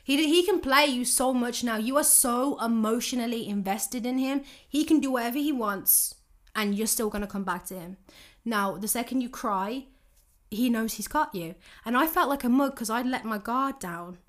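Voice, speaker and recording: A young woman with a slightly high voice. She tells a personal dating story in a casual, animated way. She slips into the voices of both sides of the conversations. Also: moderate pace. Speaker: vlogger giving dating advice.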